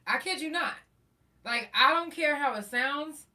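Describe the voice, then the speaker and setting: A woman podcast host telling a story in a profane, animated way and acting out the quotes. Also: sits high, unhurried, recorded from a distance. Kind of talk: casual storytelling.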